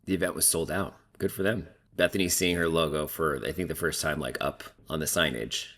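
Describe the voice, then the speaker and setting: Deep-voiced chatty man recapping TV. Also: fairly even intonation, a little fast, fairly bright tone. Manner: chatty, gossipy, heavy use of "like". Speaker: reality TV recap commentator. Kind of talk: casual recap commentary.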